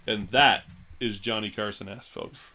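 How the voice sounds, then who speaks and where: A man's voice: on the low side, fairly even intonation, moderate pace, bright, forceful tone, slight background noise. A man hosting a live sports card auction stream, joking loosely between calls of prices. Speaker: live card break host.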